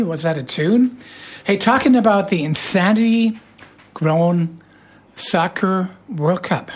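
A woman hosts a relaxed radio chat, her voice hoarse and husky and sitting a little low. She teases her co-host playfully and leans hard on the words she wants to stress, in a studio setting. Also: slow. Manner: playful, teasing, animated emphasis.

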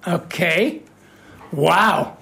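A radio show host with a hoarse voice, chatting casually in a playful, teasing way. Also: mid-range voice, extremely slow, pushed and bright.

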